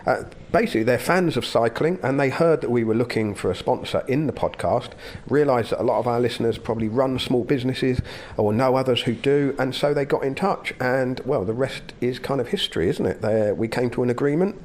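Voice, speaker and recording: A man hosting a podcast, thanking a sponsor and analysing a race in a measured way with restarts. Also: medium pitch, a little mellow. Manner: measured, thinks aloud with restarts. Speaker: podcast host. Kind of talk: casual chat, race analysis.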